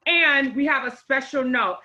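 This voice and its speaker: A woman hosts her own live online show with a bright, fairly high voice. She gushes and exclaims, emotional and close to crying as she talks to her viewers and brings on a guest. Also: measured pace, lo-fi sound. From Haitian parents. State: on the verge of tears. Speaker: host.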